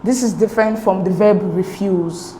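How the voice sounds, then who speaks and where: A woman tutor with a fairly low voice talks through exam answers patiently, one step at a time. The room around her is echoey, and a faint hiss sits under her speech. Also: fairly even intonation, moderate pace, a little mellow. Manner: patient, step-by-step, checks with "okay?".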